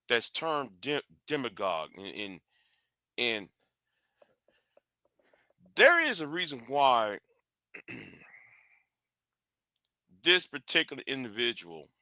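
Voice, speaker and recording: A man's voice: medium pitch, sharp tone, no echo, clean studio sound. A man hosting a live stream, speaking bluntly and confrontationally, often restarting and repeating words.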